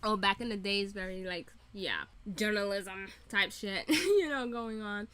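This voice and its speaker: A woman recaps and reacts to a TV drama in loose, casual talk full of swearing and bursts of laughter. Her voice is bright and forward. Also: medium pitch, unhurried, clean tone. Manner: profane, laughing, animated storytelling. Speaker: reaction vlogger.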